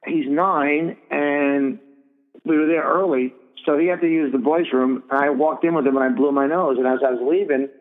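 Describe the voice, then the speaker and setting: A man's voice: fairly high pitch, steady tone, moderate pace. A middle-aged man hosting a radio talk show, speaking bluntly and indignantly and swearing freely. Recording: tinny phone-like radio audio with long reverb.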